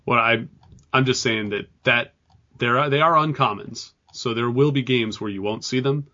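A man's voice: mid-range voice, moderate pace, pushed and bright. A man co-hosting a casual podcast, leading the discussion and reading out card details. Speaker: podcast co-host. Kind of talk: casual chat. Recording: dull lo-fi sound.

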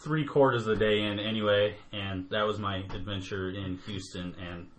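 A man's voice: on the low side, fairly even intonation, normal speed, a little hiss or hum. A man telling a long story in casual chat, swearing freely and laughing as he goes. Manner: profane, laughs often while telling. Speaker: podcast co-host telling a story.

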